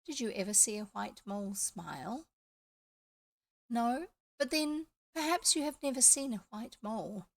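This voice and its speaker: Kiwi lady reading an old kids book, slightly high voice, storytelling. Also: unhurried, creaky. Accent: New Zealand. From New Zealand. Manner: lively storytelling with chatty asides. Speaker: audiobook reader. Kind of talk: reading a classic children's book aloud, with asides.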